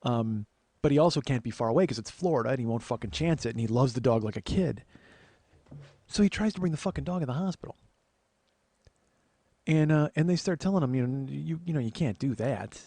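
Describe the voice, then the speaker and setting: A man in his forties telling a long story on his own show, wry and rambling and full of profanity. His voice sits at an ordinary pitch, and the sound is close and dry with no room echo. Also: fairly quick, long pauses, warm tone. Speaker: comedian host. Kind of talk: comedic storytelling monologue.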